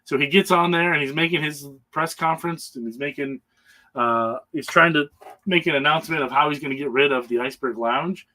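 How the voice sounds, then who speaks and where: A man's voice: a little high, brisk, sharp tone, slight background noise, low-quality recording. Rambling man recapping a comic. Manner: rambling, full of hesitations, chuckles often. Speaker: comic book panelist. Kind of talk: casual comic book recap.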